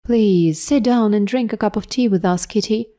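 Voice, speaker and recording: A woman reading the lines of a tearful, tipsy working father, in a mellow everyday voice. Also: medium pitch, normal speed, natural voice. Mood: emotional. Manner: emotional, plain-spoken.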